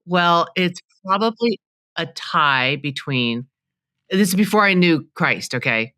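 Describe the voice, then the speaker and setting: A middle-aged woman, a guest on a talk show, telling stories in a chatty, animated way. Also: lowish voice, unhurried, no echo, studio quality. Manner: chatty, animated storytelling, laughs easily. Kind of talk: casual interview chat.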